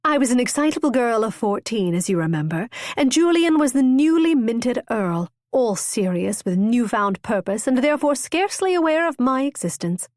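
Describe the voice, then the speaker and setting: A woman's voice: fairly high pitch, very animated, moderate pace, few pauses, dry recording, studio quality, voice pushed up. A woman voicing an impulsive, witty young noblewoman who tells her tale eagerly and theatrically. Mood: lively. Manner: bright, eager, storytelling.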